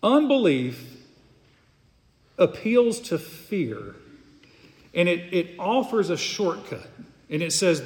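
A man's voice: sits high, very animated, slow pace, pauses often, a little mellow. A pastor preaching an earnest, emphatic sermon, often repeating words as he goes. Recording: long hall reverb.

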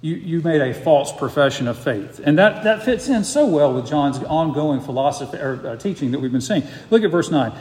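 Pastor guy preaching, earnest, emphatic, asks lots of questions, slightly high voice, big echoey church. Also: animated, moderate pace, few pauses, darkish tone. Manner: earnest and emphatic, pressing points with rhetorical questions. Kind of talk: expository sermon. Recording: echoey hall with long reverb.

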